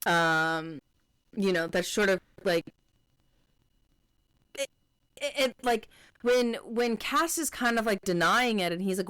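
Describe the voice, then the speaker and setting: A woman's voice: mid-range voice, animated, slow, long pauses, a bit bright, clean tone, dry recording. A woman co-hosting a podcast, chatting casually about a book and restarting her sentences as she paraphrases characters. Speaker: podcast co-host.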